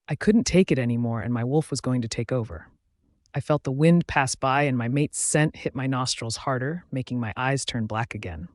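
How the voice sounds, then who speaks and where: A man reading an audiobook aloud in a steady, even way, with a mid-pitched voice. The sound is close and dry, with no room echo. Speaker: narrator. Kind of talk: audiobook narration.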